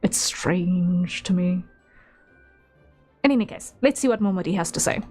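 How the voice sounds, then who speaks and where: A woman's voice: lowish voice, measured pace, darkish tone, soft background music. A woman game streamer chatting casually while playing, musing and thinking aloud with small repeats.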